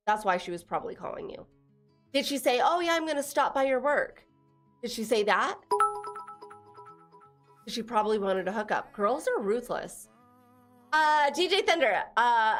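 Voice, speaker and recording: A young woman from Texas chatting casually on a live stream, laughing often and teasing her viewers as she reads their messages. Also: on the high side. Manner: giggly, teasing, reads chat aloud.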